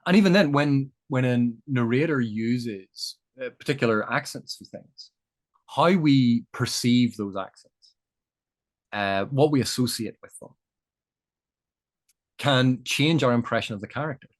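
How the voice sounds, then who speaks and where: A man in conversation, unfolding ideas patiently, like a lecturer who has thought it through. His voice sits at an everyday middle pitch for a man. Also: unhurried. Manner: thoughtful, lecturing, builds points with examples. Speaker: guest. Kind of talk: explanatory interview chat.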